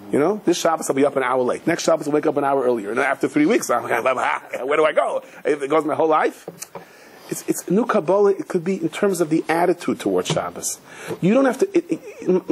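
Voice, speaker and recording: Brief: male rabbi, husky voice, sermon storytelling peppered with Hebrew and Yiddish, lots of restarts. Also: on the high side.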